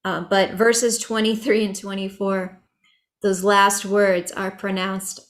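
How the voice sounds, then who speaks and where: A woman leads an online chanting workshop in an unhurried voice. She is chatty and relaxed and laughs easily as she walks through pronunciation over a video call. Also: mid-range voice.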